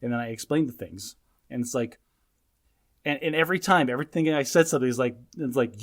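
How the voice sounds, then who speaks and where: A man in his thirties co-hosts a casual podcast, his voice sitting at an ordinary middle pitch. He tells stories in an emphatic, lecturing way, pressing his points home. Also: quick pace. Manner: emphatic, lecturing when recounting parenting. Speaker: podcast co-host.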